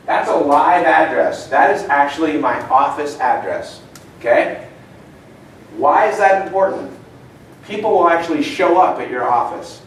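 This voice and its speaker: A middle-aged man gives a seminar talk in a meeting room, telling stories and putting questions to the audience like a chatty storyteller. His voice is on the high side, with a little hiss or hum. The room echoes and the mic is far away.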